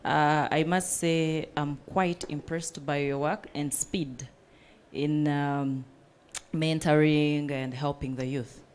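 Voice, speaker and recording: A woman's voice: low-pitched, fairly even intonation, takes it slowly, darkish tone. A woman panelist who runs a coffee business, speaking earnestly and with passion at a panel discussion, with many fillers.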